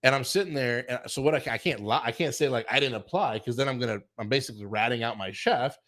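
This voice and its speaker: A middle-aged man telling a casual career story, animated, acting out quotes and saying "like" a lot. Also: medium pitch, fast talker. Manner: animated, acts out quotes, many fillers like "like". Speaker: chef and show guest telling his career story.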